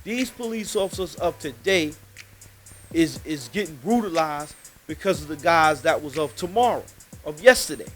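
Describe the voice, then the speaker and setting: A high-pitched man, speaking casually but emphatically and swearing freely. He tells a personal story on a live podcast in a studio. Faint music plays in the background. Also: expressive, moderate pace, fairly bright tone. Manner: emphatic, heated, swears often.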